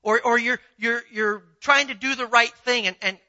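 A man preaching a sermon in a conversational, animated way, asking his listeners rhetorical questions. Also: very high-pitched, normal speed. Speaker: pastor. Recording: dull lo-fi sound.

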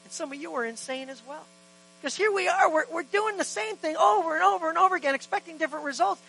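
Man, pastor, very high and bright voice, impassioned church sermon, acts out dialogue, dynamic between loud and soft. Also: fast talker, vocal fry, rough recording. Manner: impassioned, swings between loud emphasis and hushed quiet lines; acts out quoted dialogue in conversational asides.

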